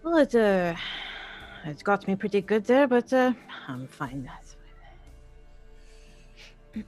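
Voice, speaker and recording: A woman playing a tabletop game, talking haltingly with many fillers. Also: medium pitch, big pitch swings, a little mellow, faint music behind. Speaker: player. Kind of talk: tabletop role-play chat.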